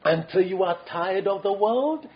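A man's voice: sits high, animated, measured pace. A man preaching a sermon in an earnest, pleading way, with frequent restarts and fillers. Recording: muffled lo-fi sermon recording.

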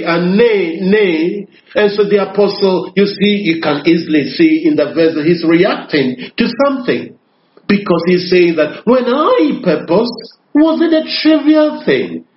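A man preaching an expository sermon, earnest and emphatic, pushing his voice higher when he stresses a point. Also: reverberant, lo-fi sound, slight background noise. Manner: reads scripture in older phrasing.

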